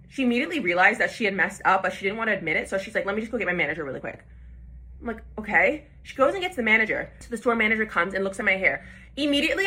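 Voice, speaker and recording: A woman's voice: on the high side, bright, forceful tone, slightly rough. A young woman recounting a bad salon visit in a casual storytime video, upset and emphatic, acting out what others said. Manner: upset, emphatic retelling with quoted dialogue.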